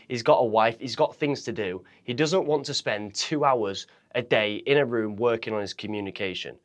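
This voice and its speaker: A speaking coach, male, talks straight to the viewer in an energetic teaching voice set at a middling pitch. He keeps pushing his voice up and down, louder and softer, faster and slower, to show each technique as he explains it. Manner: swings pitch, volume and pace on purpose to demonstrate; direct, energetic, addresses viewer as you. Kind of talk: instructional talk to camera.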